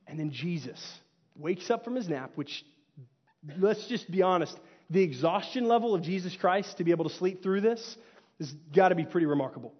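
Male pastor from Texas, animated sermon storyteller, slightly muffled hall sound. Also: high-pitched, fairly quick. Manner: animated storytelling, acts out quotes, rhetorical "right?". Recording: hall reverb, dull lo-fi sound.

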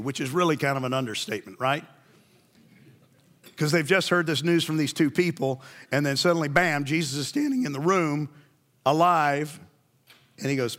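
A man's voice: fairly high pitch, moderate pace, a bit bright. A man preaching a sermon, telling the story in a conversational way and asking his listeners questions.

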